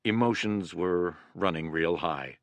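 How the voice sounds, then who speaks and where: A man voicing a gruff army sergeant who talks bluntly and profanely, a little lower and quieter than his own voice. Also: a little slow, no room sound. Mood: subdued. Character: gruff male army sergeant recalling anger.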